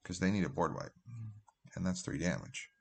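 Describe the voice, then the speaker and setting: Low-voiced man rambling through a stream. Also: moderate pace, gravelly. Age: adult with a job. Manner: rambling, thinks aloud with fillers and trailing asides. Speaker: streamer playing a card game. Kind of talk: casual live-stream commentary.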